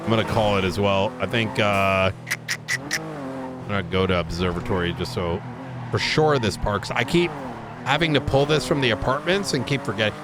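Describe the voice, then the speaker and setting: A man's voice: on the low side, animated, normal speed, over music. A man in casual roleplay chat on a game stream, rambling with lots of fillers. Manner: rambling, loose talk full of fillers. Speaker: roleplay player as police officer. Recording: game car noise under voice.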